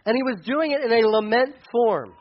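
A man preaching a casual sermon as pastor, animated and conversational, acting out quotes. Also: extremely high pitch, moderate pace, highs cut off.

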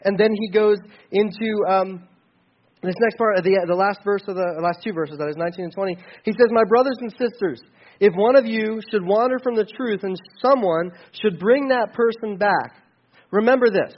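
A man preaching a sermon, conversational, with sudden rises and quiet drops. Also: high-pitched, moderate pace, lo-fi sound. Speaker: pastor.

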